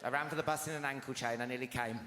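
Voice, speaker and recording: On a large theatre stage, a man in his forties does a stand-up routine, spinning animated, confiding stories and tossing frequent tag questions at the crowd. His medium-pitched voice holds a steady tone at a fast clip, over heavy background noise. The live recording sounds roomy, with loud audience laughter.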